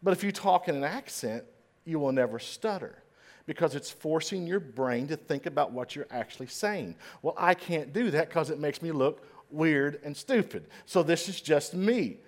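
Man, speaker at an event, self-deprecating humor, slight stammer, somewhat higher pitch. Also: expressive, moderate pace. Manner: admits trouble with certain words, occasional stammer. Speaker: invited speaker. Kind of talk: humorous motivational speech to a live audience.

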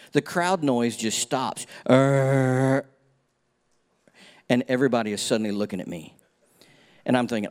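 Folksy man preaching a story sermon. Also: mid-range voice. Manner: storytelling, shifts between hushed and emphatic. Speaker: pastor.

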